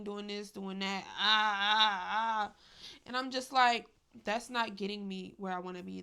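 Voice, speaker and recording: A woman's voice: mid-range voice, a bit bright, smooth. A young adult woman talking candidly to her viewers in a casual vlog, emphatic and chatty, saying "y'all" and "like" often. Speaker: vlogger.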